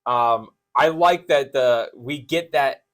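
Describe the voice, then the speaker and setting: A young man in casual podcast chat, talking with excited energy and circling back on himself with restarts and fillers. His voice sits at an ordinary middle pitch for a man. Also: slow. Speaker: podcast co-host.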